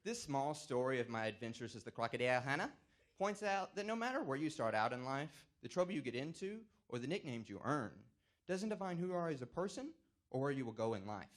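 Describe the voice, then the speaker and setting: Man telling a story with dramatic flair. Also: on the high side. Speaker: 4-H council candidate. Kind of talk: prepared campaign speech with storytelling.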